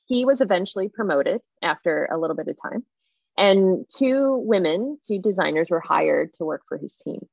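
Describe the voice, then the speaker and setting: A woman guest retelling a workplace story in casual, animated talk full of fillers. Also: fairly low pitch, moderate pace, vocal fry, no echo. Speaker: interview guest. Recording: muffled lo-fi dry recording.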